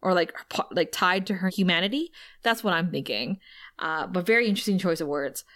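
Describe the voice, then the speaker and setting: A woman's voice: on the low side, a little fast. Chatty woman recapping with laughs. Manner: lively, laughs often, quotes characters in playful voices. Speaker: podcast co-host. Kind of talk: casual podcast recap, retelling scenes.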